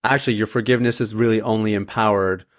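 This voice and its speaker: A man hosting a podcast interview, relaxed and affirming, with casual fillers. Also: fairly low pitch, quick pace, dry recording, clean studio sound. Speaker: podcast host.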